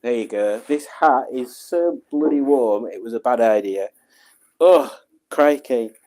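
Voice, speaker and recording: A middle-aged man, hosting a livestream at home in a relaxed, rambling, self-deprecating way while reading out viewer comments. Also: mid-range voice, a little slow, faint music behind. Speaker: livestream host.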